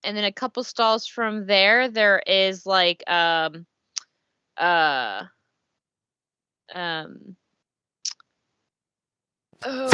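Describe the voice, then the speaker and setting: Give me a bright-voiced woman game master. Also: medium pitch, clear, resonant tone, no room sound, muffled recording. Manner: loose, filler-heavy narration with lots of "like" and "um". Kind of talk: narrating a tabletop game.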